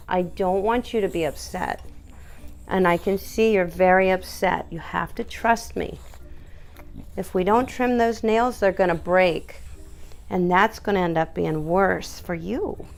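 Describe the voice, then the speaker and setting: Gravelly-voiced woman coaxing a nervous dog. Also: measured pace. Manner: soothing, coaxing, talks to the dog in a high sing-song. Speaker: dog groomer. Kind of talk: casual how-to video.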